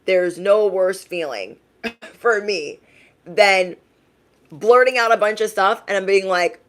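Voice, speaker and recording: A woman's voice: medium pitch, slow. Frank, emphatic woman doing a reading. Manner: emphatic, frank, tags lines with "okay?". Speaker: tarot reader. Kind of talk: casual livestream reading.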